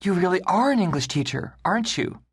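A woman's voice: on the low side, animated, a little fast, slightly rough, dry recording, clean studio sound, pitched above the performer's own voice. A woman voicing a brash, boozy woman in a bar in an audiobook memoir, blunt and teasing.

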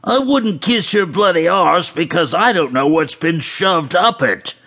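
A man doing a high, jeering football heckler. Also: animated, measured pace, a bit bright, exaggerated voice. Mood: mocking. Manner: jeering, taunting. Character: mocking male English football fan heckler.

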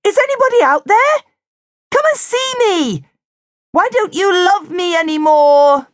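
A woman voicing a boastful, show-off young male penguin in a children's storybook, high and excitable. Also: normal speed, breathy edge, no room sound, studio quality. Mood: pleading.

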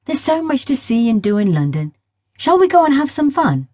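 A woman's voice: sits high, big pitch swings, normal speed, dark tone, no room sound, studio quality, voice pushed up. A woman narrator voicing a cheeky, mischievous red-haired boy who teases and grins, in a children's audiobook. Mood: teasing. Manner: playful, teasing.

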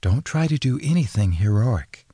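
Male narrator doing a worried farm mother, raised pitch, pleading, audiobook, dry. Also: expressive, moderate pace, warm tone, slightly rough, dry recording. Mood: anxious. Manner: pleading, anxious. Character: grown woman, worried farm wife and mother. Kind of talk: audiobook character voice.

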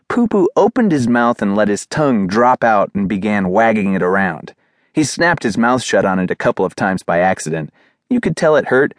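A man narrating a children's audiobook with expressive storytelling. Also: on the low side, no echo, clean studio sound.

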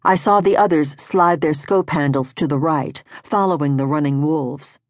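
Low-voiced woman reading an audiobook. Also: moderate pace, dry recording, studio quality. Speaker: audiobook narrator. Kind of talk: scripted first-person narration. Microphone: studio microphone.

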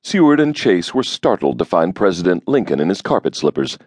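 A man reading an audiobook in steady, grave scripted narration. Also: deep voice, brisk, no echo, studio quality. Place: studio booth. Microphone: close studio mic.

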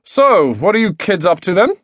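Man playing a cheerful middle-aged dad, hearty, teasing, loud and high, dry sound. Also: big pitch swings, normal speed, dry recording, exaggerated voice.

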